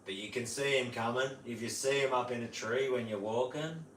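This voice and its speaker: A laid-back Australian man chats on a livestream, loose and full of slang. His voice sits at a middle pitch and sounds a little far from the mic. The room is echoey, with faint ambience underneath. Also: fairly quick, fairly bright tone, slight background noise. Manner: laid-back, slangy, imitates bird calls. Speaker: livestream host. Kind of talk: casual livestream chat.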